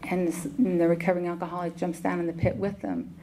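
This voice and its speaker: A middle-aged woman with a Southern US accent giving a personal talk at a recovery meeting, halting, with many ums and restarts. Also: on the low side, flat delivery, warm tone, slight background noise, rough recording. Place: meeting hall.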